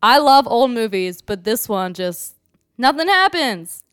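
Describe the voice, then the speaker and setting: A woman's voice: fairly high pitch, very animated, unhurried, a bit bright, clean tone, no room sound, clean studio sound. A woman co-hosting a horror movie podcast, chatting casually in a rambling way and swearing freely. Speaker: podcast co-host. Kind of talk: casual chat.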